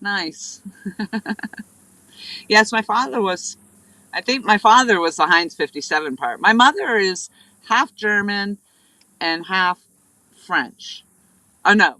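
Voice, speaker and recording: Woman, casual live-stream host, rambling storyteller, greets viewers, bright, dry. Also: medium pitch, animated, unhurried, pauses often, dry recording, rough recording. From New Hampshire. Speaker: livestream host. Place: outdoors on a riverbank, fishing.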